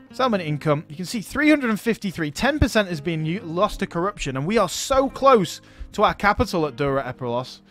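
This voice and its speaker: A man with a somewhat high voice talks casually through a strategy game, thinking aloud as he goes. He is chatty and laughs easily, with faint music playing underneath. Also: a bit bright. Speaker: let's play host.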